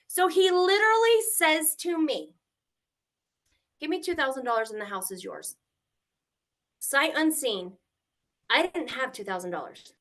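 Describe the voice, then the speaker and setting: Here a middle-aged woman, a grandmother, shares her story on a live stream in a high voice. Emotion runs through it: she's animated, occasionally tearful, and voices the words of others in shifting tones as she reenacts them.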